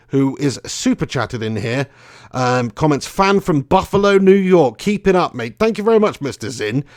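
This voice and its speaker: A man's voice: a little high, a little mellow. A young man, hosting a casual live stream, chatty and swearing freely, laughing often. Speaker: fan channel host.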